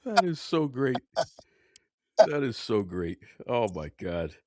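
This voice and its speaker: A man's voice: medium pitch, sing-song, takes it slowly, a little mellow, no echo, studio quality. A man hosting a podcast, giving hype-man intros and laughing a lot with his co-host. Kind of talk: casual podcast chat.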